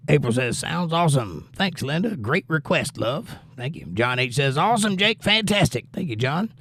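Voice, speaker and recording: A man's voice: fairly high pitch, very animated, moderate pace, fairly bright tone, no echo, clean studio sound. A male livestream host and musician, reading out viewer comments and answering them in a casual, laid-back way.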